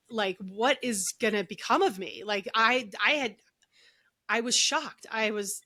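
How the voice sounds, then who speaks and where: A middle-aged woman, a guest on a podcast, telling her story in an animated way and acting out the lines of others. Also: fairly high pitch, a little slow. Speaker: podcast guest, energy healer.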